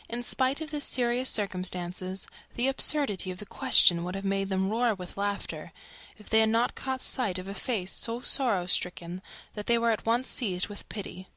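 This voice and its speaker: A woman reading a classic novel aloud as an audiobook narrator, raising her pitch for the characters' quoted lines. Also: normal speed, a bit bright, no room sound. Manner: reads all characters, lifting pitch for quoted speech. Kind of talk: scripted narration.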